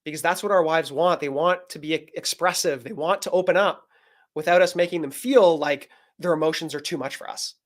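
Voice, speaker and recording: A man's voice: on the high side, a little fast. Earnest man coaching on a call. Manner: earnest, explanatory, acts out quoted dialogue. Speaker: men's coach, guest. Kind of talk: live interview answer.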